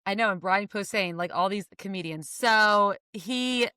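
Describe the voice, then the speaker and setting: A woman's voice: medium pitch, unhurried, sharp tone, clear, resonant tone, no echo, clean studio sound. A woman co-hosting a podcast, chatting and eagerly explaining things. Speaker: podcast co-host. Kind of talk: casual chat.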